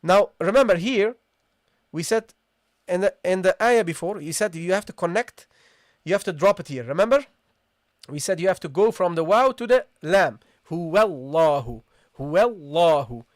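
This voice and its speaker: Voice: mid-range voice, expressive, no echo. Patient recitation teacher, dry close sound. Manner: explains patiently and often checks in with the class; models recitation sounds slowly and repeats them. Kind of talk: live online tajweed lesson.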